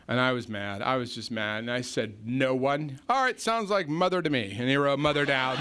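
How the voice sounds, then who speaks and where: A man's voice: on the high side, bright, forceful tone. An American man speaking at a recovery meeting, bluntly telling his own story to a live audience and acting out heated back-and-forth talk. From United States. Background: faint audience laughter.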